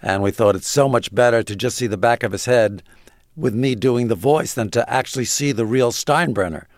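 A man's voice: medium pitch, normal speed, no echo. A man being interviewed as a guest, telling stories in a dry, self-deprecating way. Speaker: guest, comedy writer. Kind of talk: casual interview storytelling.

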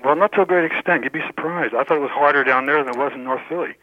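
A man's voice: on the high side, very fast, no room sound. A male radio caller from Philadelphia, chatty and eager, with many fillers in his speech. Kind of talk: radio call-in chat. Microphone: telephone. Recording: muffled phone line.

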